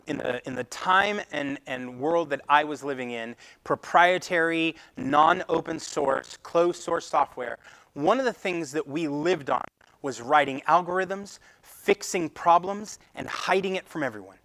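A man speaking at a meetup, giving a lively presentation and acting out conversations with clients. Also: on the high side, a little slow, vocal fry, dry recording, low-quality recording. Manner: animated, acts out client conversations. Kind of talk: live presentation to a meetup audience. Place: meetup room.

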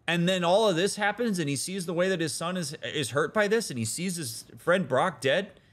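A man giving casual, animated let's-play commentary as a therapist, talking in slang with restarts and leaping into excited outbursts. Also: high voice, normal speed. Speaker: therapist commenting on a video game.

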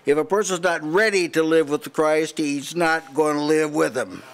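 A man's voice: a little high, moderate pace. An older man preaching a sermon at a house church meeting, emphatic and challenging, often restarting his sentences.

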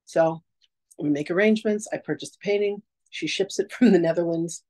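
A woman teaching a casual masterclass, telling stories in a chatty, animated way and acting out quotes. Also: on the low side, a little fast, rough recording. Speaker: psychic teacher.

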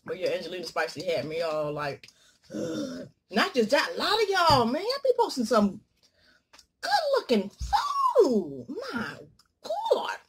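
A woman vlogger talking casually while she eats, joking and swinging from loud exclamations to low murmurs. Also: very animated, normal speed, gravelly, slight background noise. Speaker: mukbang vlogger. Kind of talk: casual chat while eating.

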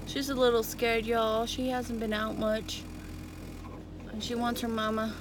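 A woman vlogging casually from a parked car, swearing freely and cooing softly to her dog. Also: on the high side, flat delivery, measured pace. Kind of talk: casual vlog chat. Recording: car noise in the background.

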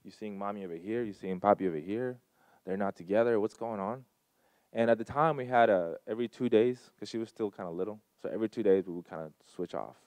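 A man with a lowish voice talks fast to a live audience at a community gathering, recorded dry. Earnest and emphatic, he tells personal stories with real feeling, his loudness swinging widely.

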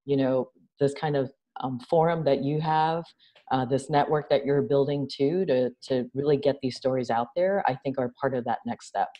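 Brief: woman guest from New York City, low warm voice, animated interview talk. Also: moderate pace. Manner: animated, acts out quoted dialogue, frequent "right?". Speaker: interview guest, nonprofit founder. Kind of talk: conversational interview.

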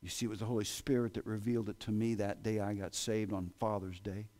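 A man preaching a sermon in a church, with an American accent, swinging between loud exclamations and hushed asides. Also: fairly low pitch, level tone, fast talker. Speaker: pastor. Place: church sanctuary.

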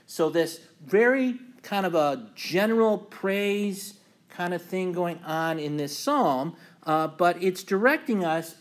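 A man's voice: high-pitched, slow pace. A man teaching a morning Bible class as pastor, talking loosely with many fillers and reading scripture aloud with emphasis. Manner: relaxed, many ums and uhs, reads scripture aloud with emphasis.

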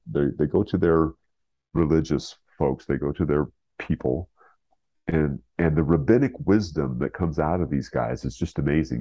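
A man with a very deep, dark voice retells a story in a relaxed, rambling way, often restarting his sentences. The recording sounds a bit muffled and lo-fi. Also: husky, no echo. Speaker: guest, writer. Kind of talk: casual storytelling in an interview. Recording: slightly dull lo-fi recording.

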